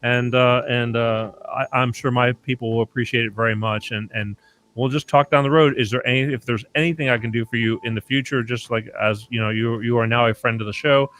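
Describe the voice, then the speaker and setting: A man's voice: mid-range voice, fairly even intonation, a little fast, fairly bright tone. Rambling middle-aged man hosting radio. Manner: rambling, many restarts and fillers. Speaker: radio talk show host. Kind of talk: casual call-in radio chat.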